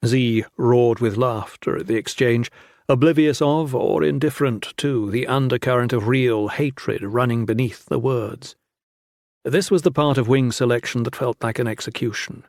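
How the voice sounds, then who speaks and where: A male audiobook narrator reads a fantasy novel from a script in a steady, measured way. His voice is in an ordinary middle range, and the close, very dry recording has no room sound or echo.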